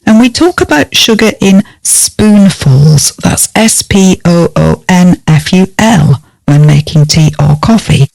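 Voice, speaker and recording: A woman teaching vocabulary in a lesson, speaking clearly and spelling words out letter by letter. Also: on the low side, lively intonation, takes it slowly, hardly any pauses, a little mellow, dry recording. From United Kingdom. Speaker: English teacher.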